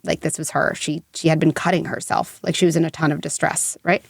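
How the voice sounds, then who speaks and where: A woman's voice: low-pitched, level tone, fairly quick, creaky, slightly rough, no room sound, clean studio sound. A middle-aged woman psychologist, a podcast guest, who tells stories with feeling and lots of casual fillers. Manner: emotional storytelling, many fillers. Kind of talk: podcast interview.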